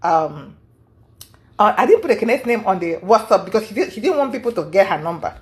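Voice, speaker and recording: A woman's voice: medium pitch, animated, brisk. A woman telling a long personal story in a casual monologue. She is earnest and aggrieved, and often repeats and restarts words as she goes. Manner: rambling, repeats and restarts words while recounting events. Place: lives in the United States.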